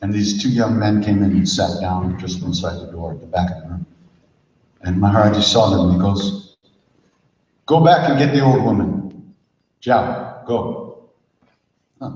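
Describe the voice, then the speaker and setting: Brief: low-pitched older man, chatty workshop storyteller, heard far off in a long-reverb hall. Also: a little mellow. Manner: conversational, chuckling, says "you know" often. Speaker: spiritual teacher leading a workshop. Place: large retreat hall. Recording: echoey hall, distant dull mic, faint noise.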